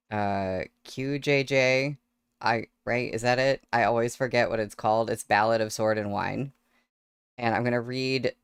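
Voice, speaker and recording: Woman, casual stream chat, frequent laughter, unhurried pace, close dry mic. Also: rumbling low, smooth, no echo. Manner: chatty, laughs often between words. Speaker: streamer reading novels aloud. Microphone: desk microphone.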